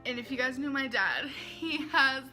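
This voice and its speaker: A woman's voice: high-pitched, expressive, moderate pace, over music. A woman in a confessional vlog, earnest and emotional, reading out messages and talking them through. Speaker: vlogger.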